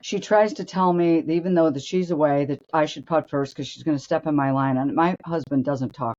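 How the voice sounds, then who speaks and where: A woman's voice: deep voice, a little fast, darkish tone, dull audio. An older woman co-hosting a show, telling blunt, brash stories and acting out the voices of people in them. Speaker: co-host and former tour golfer. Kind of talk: animated storytelling.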